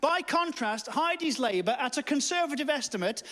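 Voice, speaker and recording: A man doing stand-up storytelling, animated and self-mocking, leaping into a high panicky voice. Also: moderate pace, few pauses. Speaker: stand-up comedian. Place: church hall with audience. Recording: live hall with long reverb.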